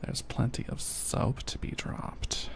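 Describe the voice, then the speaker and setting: A man's voice: slow pace, very noisy. A man whispering playfully through an ASMR livestream, teasing his chat and laughing often. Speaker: ASMR streamer.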